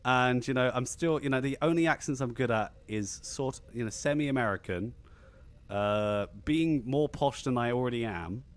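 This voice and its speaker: A man's voice: mid-range voice, moderate pace. A man with a slightly posh English accent hosting a casual live stream, rambling and restarting his sentences. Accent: slightly posh southern English. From England. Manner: animated and rambling, many restarts. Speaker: podcast host.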